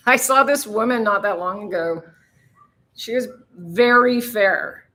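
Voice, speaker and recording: Bright-voiced chatty woman livestreaming. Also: mid-range voice, slow. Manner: chatty, swears freely, laughs often. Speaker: host of a live stream. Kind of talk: casual live-stream chat with viewers.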